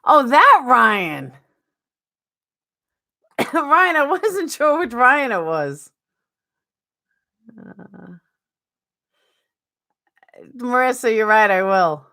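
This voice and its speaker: A woman's voice: fairly high pitch, lively intonation, extremely slow, long pauses, bright, forceful tone. A woman with a New York accent chatting casually on a live stream, answering viewers by name.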